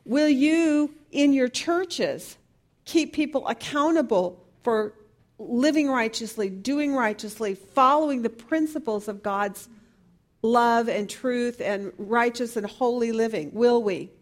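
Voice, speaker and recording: A woman's voice: on the high side, slow pace. A woman teaching a Bible study class, earnestly asking the group question after question.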